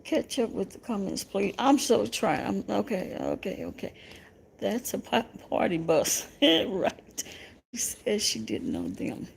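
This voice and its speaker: Southern woman host, creaky gravelly voice, unhurried, chatty live-chat banter with lots of laughter. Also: medium pitch, sing-song, a little hiss or hum. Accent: Southern American. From American South. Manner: laughs often, teasing and chatty with viewers. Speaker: livestream host reading viewer comments.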